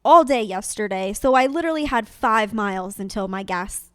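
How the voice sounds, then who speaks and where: A woman's voice: mid-range voice, moderate pace, clear, resonant tone, dry recording, studio quality. A woman co-hosting a podcast, chiming in with wry, laughing remarks. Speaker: podcast co-host. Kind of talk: casual chat.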